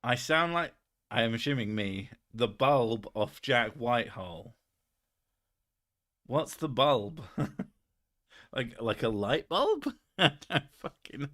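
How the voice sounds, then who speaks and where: A man hosts his stream in a loose, rambling chat, swearing freely and poking fun at himself. His voice is bright and forceful, and he sits in a middle pitch. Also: lively intonation, takes it slowly, pauses often. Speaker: streamer host. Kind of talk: casual chat reading viewer messages.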